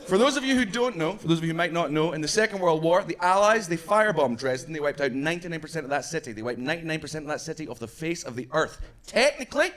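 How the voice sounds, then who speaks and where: A man's voice: fairly high pitch, lively intonation, fairly bright tone. Brash Scottish stand-up man. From Scotland. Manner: brash, swearing, acts out quick voices for people in his stories. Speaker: stand-up comedian. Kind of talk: stand-up comedy set. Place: comedy club stage before a live audience. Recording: live club audio with crowd laughter.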